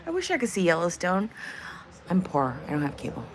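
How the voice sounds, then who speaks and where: Lively, profane woman streamer. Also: lowish voice, fairly quick, very noisy. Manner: profane, rambling, laughs a lot. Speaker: livestream host. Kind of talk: casual livestream chat.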